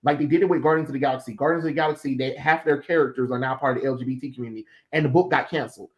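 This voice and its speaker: In rapid-fire bursts, a medium-pitched stream host rants bluntly and heatedly during a casual livestream chat. He swears now and then. The sound quality is lo-fi.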